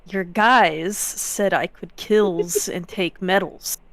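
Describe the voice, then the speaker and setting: A woman's voice: lowish voice, slow, no room sound. A woman voicing a small, grumpy cast-iron construct that speaks in broken grammar.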